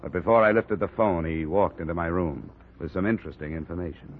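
Deep-voiced hard-boiled radio narrator, man. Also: brisk, a little hiss or hum. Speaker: narrator and lead detective. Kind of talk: 1950s radio drama acting. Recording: tinny old radio broadcast.

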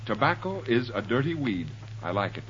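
Cocky mocking joker, bouncy bright voice, muffled hissy old radio sound. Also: male voice, medium pitch, moderate pace. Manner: cheeky, mocking, lively delivery. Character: cocky wisecracking grown man in a classroom. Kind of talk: 1930s radio comedy acting. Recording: muffled old radio recording with faint hiss.

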